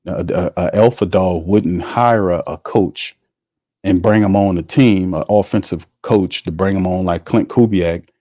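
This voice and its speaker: Heated low-voiced sports podcast man. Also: measured pace, mellow, no echo, clean studio sound. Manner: heated, colloquial, talks to the chat. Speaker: podcast host. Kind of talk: sports talk commentary.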